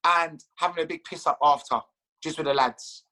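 Man, high voice, bright, animated, casual storyteller, cursing, laughing guest. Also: moderate pace, poor audio. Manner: animated, swears freely, laughs at his own stories.

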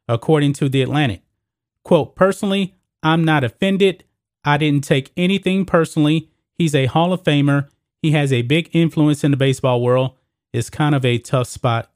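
A man's voice: on the high side, a little mellow, no echo, studio quality. A man hosting opinionated sports commentary, emphatic and repetitive, calling viewers guys.

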